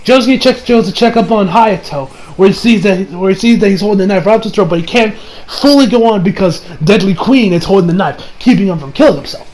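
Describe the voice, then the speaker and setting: A man with a notably high-pitched voice talks through an anime episode he just watched. His recap is casual and excitable, full of restarts and casual swearing. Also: fast talker, a little hiss or hum, poor audio. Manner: excitable and rambling, swears freely, restarts sentences.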